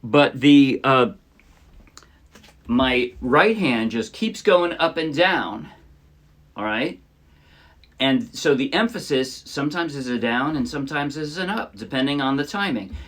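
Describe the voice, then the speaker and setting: A man teaching a ukulele arrangement in a relaxed, chatty tutorial style. He explains each step and often checks in with the viewer. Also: mid-range voice, unhurried, long pauses. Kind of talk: casual music tutorial. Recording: loud ukulele playing under the speech. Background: his own ukulele playing under the voice.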